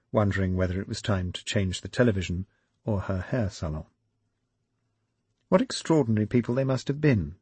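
A man reading a political novel aloud in measured, dry storytelling. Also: fairly low pitch, breathy edge, dry recording. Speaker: audiobook narrator. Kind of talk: scripted narration of a novel.

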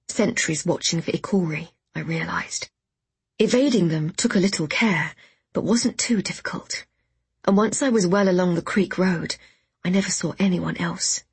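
Soft hushed woman narrating, breathy and kinda low, dry close mic. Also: no room sound. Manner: soft, hushed, often half-whispered reading. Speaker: audiobook narrator. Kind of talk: first-person scripted narration.

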